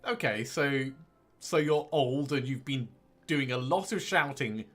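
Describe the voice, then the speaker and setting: A man's voice: mid-range voice, expressive, a little slow, fairly bright tone. A man in casual, playful chat while playing a video game, laughing easily. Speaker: gaming host.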